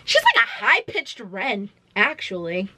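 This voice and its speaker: Chatty, bright-voiced young woman vlogger. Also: medium pitch, big pitch swings, a little slow, slight background noise. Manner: chatty, dramatic, slangy. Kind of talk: casual movie recap.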